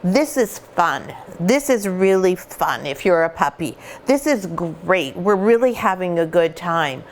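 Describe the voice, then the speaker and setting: A woman's voice: lowish voice, animated, a little slow, slight background noise. Chatty woman teaching puppy care. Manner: chatty, explains step by step while playing with puppies. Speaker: puppy breeder. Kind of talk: instructional puppy-raising video. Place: indoor puppy play room.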